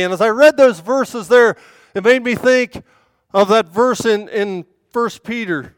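Clear-voiced woman preaching earnestly. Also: on the high side, a little slow, no echo. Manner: earnest, swelling loud and emphatic on key points. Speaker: women's speaker at a church service. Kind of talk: sermon with scripture reading.

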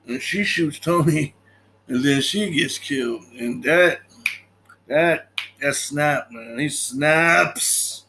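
A man's voice: fairly high pitch, lively intonation, slow, a bit bright, a little hiss or hum. A man casually recapping a movie in a laid-back way, laughing often and acting out lines.

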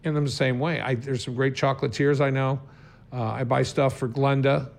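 A man's voice: medium pitch, little pitch movement, normal speed, vocal fry. A man co-hosting a casual chat, joking and playful. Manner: joking, playful, laughs easily.

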